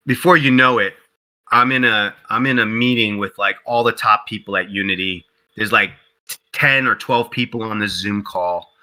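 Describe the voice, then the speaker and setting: A man being interviewed about game development, telling stories in a casual, animated way, full of "like" and "you know", and acting out what others said in a raised voice. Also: normal speed, low-quality recording. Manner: animated storyteller who acts out quotes in a higher voice; heavy use of "like" and "you know".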